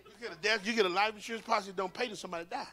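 A man leading a church Sunday school class, preaching in an animated way, repeating his words and breaking into shouts. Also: high-pitched, rapid-fire.

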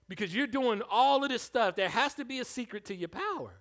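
A man preaching a sermon as pastor, animated, swinging from hushed asides to loud calls. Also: very high voice, fairly quick, hardly any pauses.

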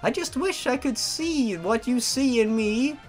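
A man voicing a wistful, self-pitying young woman killer, speaking high and sighing. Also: lively intonation, unhurried, faint music behind. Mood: melancholy.

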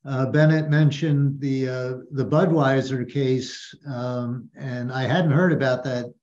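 A man moderating a webinar panel, asking measured questions with fillers. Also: mid-range voice, fairly even intonation, a little mellow, muffled recording.

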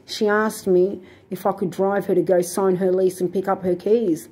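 Woman, indignant rambling storyteller; darker, slightly husky tone. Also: medium pitch, flat delivery, moderate pace, dark tone. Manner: aggrieved, indignant retelling with many fillers and restarts. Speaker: vlogger.

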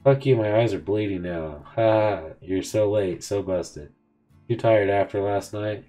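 A man's voice: fairly low pitch, unhurried, warm tone, soft background music. A man hosting a game video, casually reading out a chat of text messages between characters. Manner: casual, offhand reading of both sides of a chat. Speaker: gaming video host.

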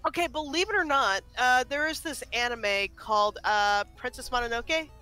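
A high, bright woman's voice chatting casually on a game stream. She giggles through her stories, with faint game music in the background. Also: normal speed, clean tone. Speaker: co-host. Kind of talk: casual gameplay chat.

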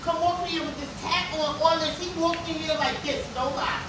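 A hairstylist in her fifties telling a story in a salon, animated and profane, acting out what people said. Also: high-pitched, a little fast, background noise. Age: 50s. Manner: animated, profane, acts out quotes. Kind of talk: casual storytelling. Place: hair salon, indoors. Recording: echoey room, picked up from a distance.

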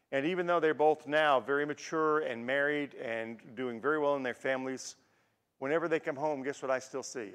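A man in his sixties giving a conversational sermon as a guest preacher, telling personal stories to make his points. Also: mid-range voice. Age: 60s. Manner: warm storytelling with personal anecdotes. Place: church sanctuary. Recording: long church-hall reverb.

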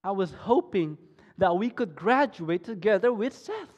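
A man giving an emotional personal testimony sermon at a school week of prayer, swinging from soft to loud and slow, often repeating and restarting phrases. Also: high-pitched, animated, highs cut off. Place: school worship hall. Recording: echoey hall.

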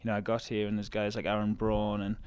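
This young adult man from Newcastle, England, speaks with a Geordie accent as an interview guest, a college runner chatting in a relaxed way full of "like" and "um." His voice sits on the low side, clear and resonant, and he talks fast.

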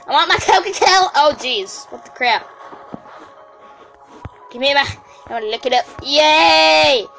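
A woman hosting a casual gameplay video, excitable, often exclaiming and stammering as she plays. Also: high-pitched. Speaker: game channel host.

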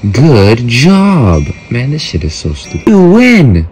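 A man's voice: mid-range voice, wildly swooping pitch, moderate pace, a little mellow, faint music behind. A man casually commenting on a mobile game, joking, mock-talking to kids and often trailing off mid-sentence. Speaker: gameplay host.

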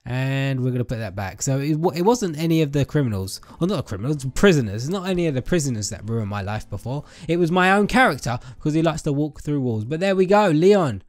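Narrating his gameplay in a casual let's-play, a young male YouTuber jokes, speaks directly to the characters on screen, and frequently turns to his viewers. He's animated and talks fast with hardly any pauses, in a voice that sits a little high for a man.

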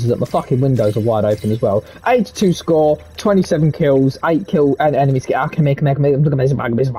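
A young man giving live gameplay commentary, trash-talking and swearing at opponents with sudden excited yelps. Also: high voice, a little hiss or hum. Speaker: gaming streamer. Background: gunfire from the game.

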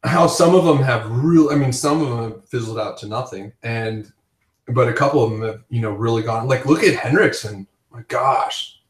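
A man's voice: medium pitch, normal speed. A man hosting a casual chat, telling rambling stories with frequent laughs. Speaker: podcast host. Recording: roomy, distant from the mic.

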